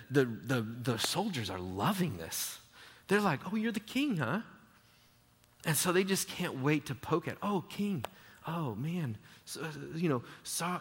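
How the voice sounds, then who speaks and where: Lively preaching man in a reverberant hall. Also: a little high. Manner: lively, conversational preaching with acted-out mocking quotes. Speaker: pastor. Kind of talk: sermon.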